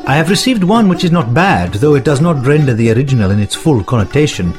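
An earnest, principled leader speaks in slow, solemn, formal sentences, as a man reads his words. The voice sits at a middle pitch. Sitar music plays clearly behind him. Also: sing-song, natural voice. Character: earnest male leader writing to followers and son. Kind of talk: documentary reading of historical letters and speeches.

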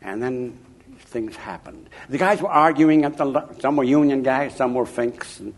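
Animated older man telling stories. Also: mid-range voice, moderate pace. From Chicago. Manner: animated, emphatic, chuckling raconteur. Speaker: interviewee, author. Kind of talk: anecdotal storytelling.

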